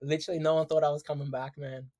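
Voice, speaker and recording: A man, a podcast guest telling his story in casual, animated chat, laughing often. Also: fairly high pitch, racing. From Australia.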